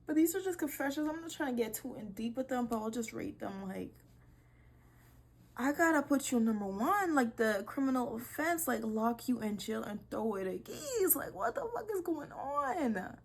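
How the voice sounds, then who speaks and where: A young woman hosting a casual vlog, reading posts aloud and reacting with animated disbelief and swearing. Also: on the high side, moderate pace, husky. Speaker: video creator.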